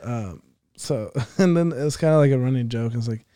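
Mellow young man, halting chat. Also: medium pitch, clear, resonant tone, no room sound, clean studio sound. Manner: laughing, halting and repetitive. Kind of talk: casual chat.

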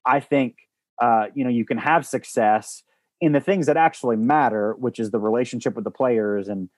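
On a podcast, a former baseball coach appears as a guest, talking in an earnest, rambling way full of restarts and fillers. He's a man with a mid-pitched voice speaking at normal speed, recorded dry on a close mic.

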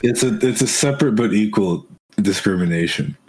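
A man's voice: fairly low pitch, expressive, fairly quick, a little mellow, husky, low-quality recording. A man co-hosting a casual streamed podcast, easygoing and self-deprecating. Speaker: podcast co-host.

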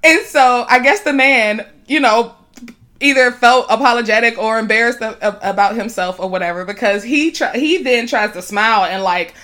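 A young woman co-hosting a podcast, telling a story in casual chat, animated and emphatic, often laughing between phrases. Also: fairly high pitch, normal speed. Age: young adult. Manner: animated, emphatic, swings loud when retelling confrontations.

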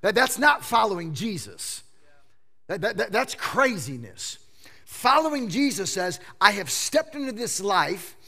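A man in his fifties preaching a sermon, swinging between hushed low moments and loud emphatic outbursts, often stammering and repeating words as he pushes a point. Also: very animated, a little slow. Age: 50s. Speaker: pastor.

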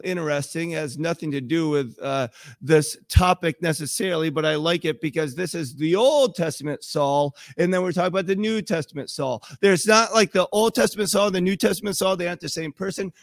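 A man's voice: a little high, no room sound, studio quality. A man preaching a sermon in a conversational way, often acting out quoted voices. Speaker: pastor.

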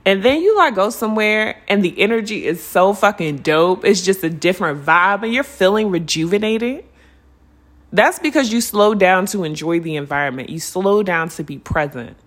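A woman hosting a spiritual podcast, talking casually and earnestly to her listeners, calling them y'all and unicorns. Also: mid-range voice. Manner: earnest and lively, stretching words when urging listeners to slow down. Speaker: podcast host. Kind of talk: reflective spiritual podcast monologue.

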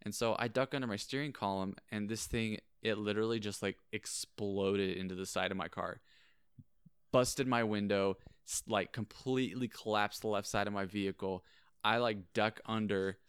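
A young man, a podcast co-host, telling a story dramatically and building suspense with slow pauses. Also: on the low side, fairly even intonation, smooth, no room sound, clean studio sound. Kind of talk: animated storytelling.

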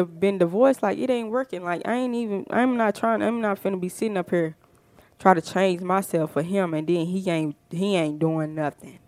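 A fired-up woman holds a casual podcast monologue, emphatic and full of rhetorical questions. Her voice is smooth and resonant. The sound is dry and close. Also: fairly low pitch, dry recording. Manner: fired-up, emphatic, frequent "you know what I'm saying". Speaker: podcast host.

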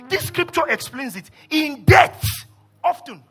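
A male pastor preaching a sermon, swinging from low murmurs to loud shouts and acting out scripture voices. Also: lively intonation, unhurried, faint music behind. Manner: acts out scripture voices and asides.

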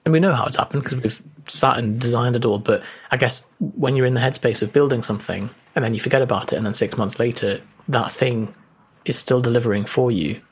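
A man with a husky, mid-pitched voice co-hosts a casual podcast from home. He thinks aloud, restarts his sentences and speaks earnestly. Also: a little fast. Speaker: podcast co-host. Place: at home, remote call.

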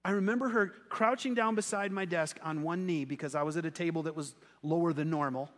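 A man's voice: fairly high pitch, brisk, fairly bright tone, long reverb tail. A male pastor preaching a sermon in a conversational, self-deprecating storytelling manner.

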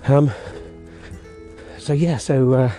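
A man with a relaxed, mellow voice tells a meandering story for his podcast, restarting sentences and breaking off to coax his dog along. He records outdoors on a walk with a portable mic. Faint music plays behind him. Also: medium pitch, slow pace. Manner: rambling, self-interrupting, chatty with his dog. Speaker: podcast host. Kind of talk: casual storytelling monologue.

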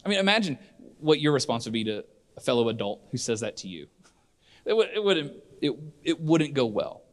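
A man's voice: medium pitch, sing-song, a little fast. A middle-aged man preaching a sermon in church, earnest and conversational, often restarting his sentences. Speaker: pastor.

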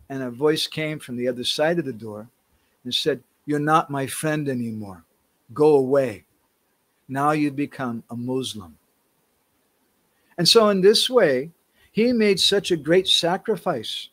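A man with a fairly high voice guides listeners through a devotional tale as their pilgrimage tour guide. He tells it as a lively story and acts out the quoted characters. The sound is dry and close. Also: no room sound.

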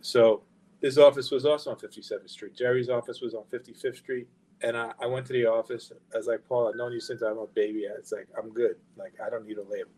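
A man's voice: mid-range voice, fast, breathy edge, low-quality recording. Profane New man telling stories. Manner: profane, animated anecdote-telling with quoted dialogue. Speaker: guest, record label founder. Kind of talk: casual storytelling interview.

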